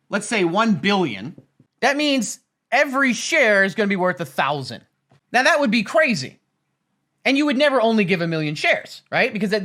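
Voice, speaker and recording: A man's voice: high voice, sharp tone. A man casually explaining finance on his livestream, rambling and repeating himself, tagging "right?" onto his points, with jokey, profane asides. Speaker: stock trading streamer.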